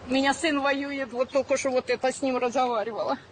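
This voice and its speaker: A woman's voice: high voice, fairly even intonation, fast, slight background noise, poor audio. An older woman from Ukraine giving a distraught, bitter street interview outdoors. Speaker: local resident.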